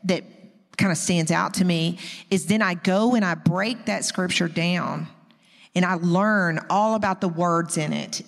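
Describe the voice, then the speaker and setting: A woman in her fifties giving a personal, conversational teaching message at a women's conference, talking straight to the audience. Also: on the low side. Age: 50s. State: close to tears. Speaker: women's ministry speaker. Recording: long echo of a large hall.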